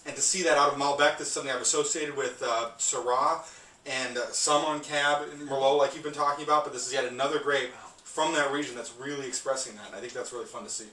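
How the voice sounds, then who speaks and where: A man hosting a wine podcast, enthusing quickly and casually over the wine being tasted. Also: medium pitch, steady tone, bright, forceful tone. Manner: enthusiastic, fast-talking. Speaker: podcast host. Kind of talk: casual wine tasting chat. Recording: roomy sound from a distant mic, faint ambient noise.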